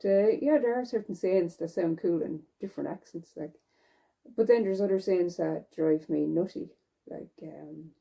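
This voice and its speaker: A woman's voice: on the low side, creaky, warm tone, breathy edge. A woman vlogger chatting casually while she knits, rambling from one thought to the next. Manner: rambling and chatty, with fillers and self-corrections. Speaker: knitting vlogger. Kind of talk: casual chat while knitting.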